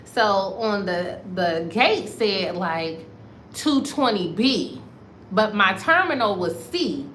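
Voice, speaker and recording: Bright-voiced American woman telling a story. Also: medium pitch, slow pace, a little hiss or hum. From United States. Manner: animated, addresses viewers as y'all. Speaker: vlogger. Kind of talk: casual storytelling to viewers. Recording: roomy echo, faint ambience.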